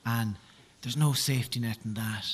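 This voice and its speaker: A man's voice: mid-range voice, moderate pace, husky. A man hosting a chat show, asking curious questions with a jokey edge. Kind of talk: interviewing.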